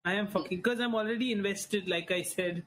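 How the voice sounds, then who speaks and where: High-voiced man over crowd noise. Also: fairly quick. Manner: amazed, swearing reactions. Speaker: podcast co-host. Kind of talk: casual chat.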